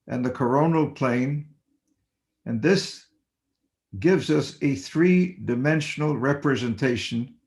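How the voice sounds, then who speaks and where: An older man, a surgeon, giving a measured, deliberate webinar lecture and stressing basic principles. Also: on the high side. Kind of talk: slow academic lecture. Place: home or office on webinar.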